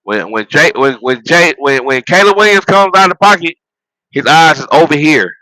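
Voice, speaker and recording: A man on a loose, profane football rant, full of laughs and restarts. His voice is bright and forceful, and it sits dry and close with no room sound. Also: a little high, moderate pace, no room sound, rough recording. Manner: animated, profane, laughs at his own jokes; repeats phrases and restarts while building a point. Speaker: sports vlogger and football fan. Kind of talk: casual sports rant.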